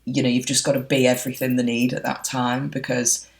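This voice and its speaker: A woman's voice: rumbling low, level tone, a little fast, gravelly, low-quality recording. A woman, a wedding photographer being interviewed, talking in a chatty, reflective way with frequent fillers. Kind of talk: casual interview chat.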